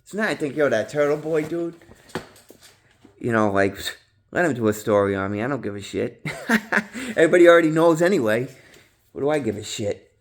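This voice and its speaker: Man, casual vlog monologue, rambling, slang and swearing, lots of fillers, middle pitch, loud high bursts when acting out his old yelling. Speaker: vlogger in recovery.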